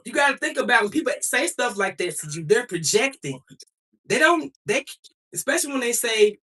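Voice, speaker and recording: Talking back at trolls in her livestream chat, a young adult woman is profane, emphatic, confrontational and defiant. Her voice sits on the high side, very animated and brisk, with a fairly bright tone. The mic is distant.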